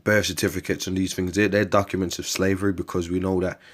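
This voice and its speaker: Male preacher, deep-pitched, rambling, crude, casual street-style scripture talk. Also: flat delivery. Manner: rambling and profane, often calls listeners "bruv" and "mate"; slows down to read long scripture lists. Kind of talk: informal scripture preaching to camera.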